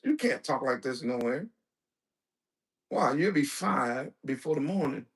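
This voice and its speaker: Man, preacher, lecture-style sermon, high-pitched, slow-paced, emphatic, rhetorical questions. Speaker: preacher and teacher.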